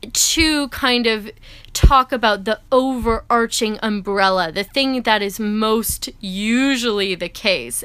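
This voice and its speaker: A woman's voice: fairly high pitch, pushed and bright, clear, resonant tone, no room sound. A woman chatting casually to camera as an astrology vlogger, rambling and checking in with "right?" and "like".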